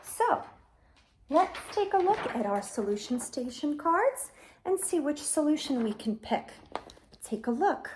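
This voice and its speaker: A woman teaching young children in a gentle, patient, instructive manner. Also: sits high, very animated, unhurried, a little hiss or hum. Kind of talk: children's lesson with toys.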